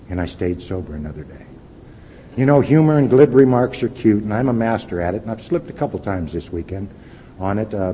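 An older man speaking at a recovery meeting, giving a plain-spoken, wry and candid personal testimony. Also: mellow. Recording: lo-fi echoey hall with faint rumble.

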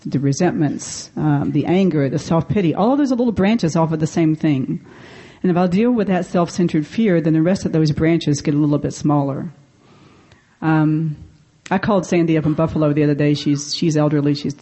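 A woman's voice: low voice, a little fast, mellow. A woman speaking at a convention, sharing her story in a candid, self-deprecating way with frequent laughs. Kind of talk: personal recovery talk. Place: convention meeting room.

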